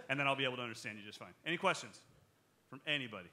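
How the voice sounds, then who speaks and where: A man leading a drum clinic in front of a crowd, animated and joking. His voice is bright and forward, and he talks straight to the room. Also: mid-range voice, very fast. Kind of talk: live drum clinic talk with Q&A. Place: music shop clinic in front of an audience.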